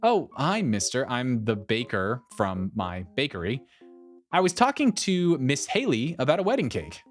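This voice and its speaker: A man voicing a patient, polite woman baker who stays calm and firm, with background music. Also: mid-range voice, normal speed.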